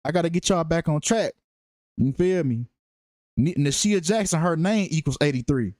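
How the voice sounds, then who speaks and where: A man talks through a casual, profane commentary in a slangy, emphatic way, often repeating a phrase to drive it home. His voice sits somewhat high for a man, and the sound is dry and close with no room echo. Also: lively intonation, moderate pace, darkish tone. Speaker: true-crime numerology commentator.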